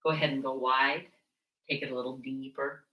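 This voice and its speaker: A woman teaching a seated yoga class, talking her students through each movement and sharing stories along the way. Her voice is bright and clear, and it rings in a roomy space, heard from a little way off the mic. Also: rumbling low, level tone, a little fast. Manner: chatty, mixes personal stories with movement cues. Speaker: yoga instructor. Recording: echoey room, mic at a distance.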